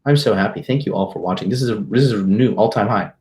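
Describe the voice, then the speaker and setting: A man's voice: on the low side, fast talker, a little mellow. A man hosting a livestream, telling a story in a brash, profane way with swaggering slang. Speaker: dating coach hosting a livestream.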